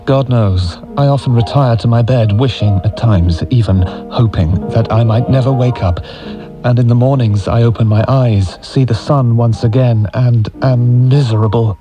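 A man's voice: medium pitch, normal speed, music in the background. A man giving an anguished, emotional dramatic reading of letters. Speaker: reader.

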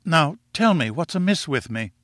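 A man's voice: a little high, big pitch swings, normal speed, fairly bright tone, no room sound, studio quality, voice pushed up. A man reading aloud voices an earnest, lovestruck young man who pleads eagerly with the woman he loves.

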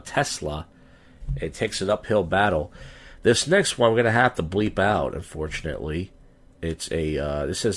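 A drunk man in his thirties talks into his podcast mic late at night. His voice sits low and husky. He rambles through a profane story and his pitch shoots up whenever he gets heated. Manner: profane, rambling storytelling, voice jumps up when ranting. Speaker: podcast host and stand-up comic. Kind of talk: casual rambling podcast monologue.

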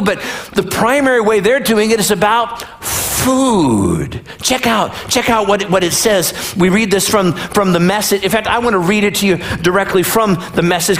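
A man's voice: high-pitched, fairly bright tone. A man preaching a sermon as a pastor in a conversational way, full of rhetorical questions and joking asides.

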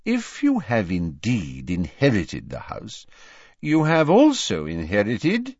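A man's voice: lowish voice, huge pitch swings, dry recording, heavily acted. Man doing a courteous old wizard. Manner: polite, measured, gently ironic. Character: calm, courteous old male wizard headmaster. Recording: slightly dull, dry audiobook recording.

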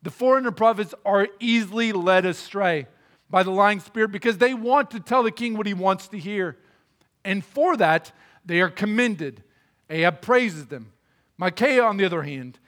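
High-voiced earnest man preaching. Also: normal speed, fairly bright tone. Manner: earnest, emphatic, conversational explaining. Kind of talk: sermon teaching through a Bible passage.

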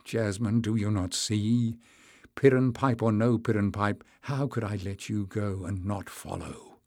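A man's voice: on the low side, fairly even intonation, measured pace, no echo, clean studio sound. A man doing an earnest young hero. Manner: hushed then firm and earnest.

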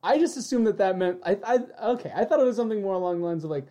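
A woman co-hosting a podcast in casual chat, quick and musing, asking her co-host questions. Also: mid-range voice, expressive, mellow.

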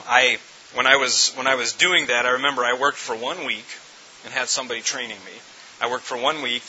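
A man's voice: mid-range voice, bright, forceful tone. A middle-aged man preaching a sermon as pastor, emphatic, often repeating words and restarting his phrases. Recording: dull lo-fi recording with faint hiss.

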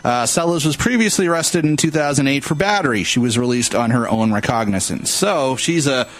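A man's voice: mid-range voice, animated, brisk, faint music behind, rough recording. A man hosting a casual radio talk show, reading news stories aloud with jokes, laughs and stumbling restarts. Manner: joking, laughs often, stumbles over words.

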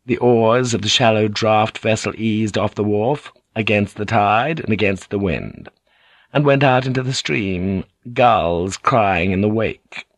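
A man reading an audiobook aloud in a measured, dramatic storytelling manner, recorded in a studio. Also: fairly low pitch, no room sound. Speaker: audiobook narrator. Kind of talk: scripted audiobook narration.

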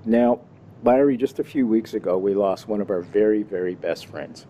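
A Canadian man hosts a laid-back talk show, talking to his listeners in a folksy, animated way. His voice is deep in tone, very dark and mellow. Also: moderate pace. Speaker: show host. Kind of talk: relaxed talk show hosting. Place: Kingston, Ontario.

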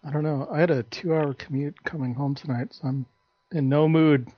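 A man's voice: fairly high pitch, fairly even intonation, normal speed, slightly rough, dry recording. A man making prank calls, acting as a stern, bossy fake manager. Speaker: prank caller. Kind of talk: prank phone call banter. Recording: dry dull lo-fi tape.

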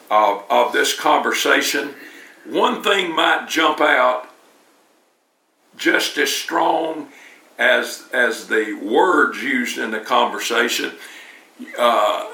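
A man's voice: on the high side, bright, forceful tone. A man preaching a sermon in a church, talking in a conversational way and often repeating words as he restarts. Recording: roomy, distant mic.

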